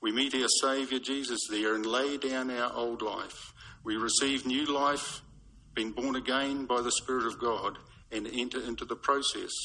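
A man preaching a sermon in a measured, storytelling way. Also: mid-range voice, pushed and bright, slight background noise, low-quality recording. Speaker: pastor.

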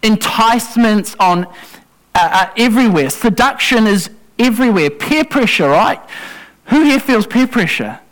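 A man's voice: sits high, expressive, measured pace, fairly bright tone, low-quality recording. A man preaching a sermon to a congregation in a conversational way, with asides and self-corrections. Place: church congregation.

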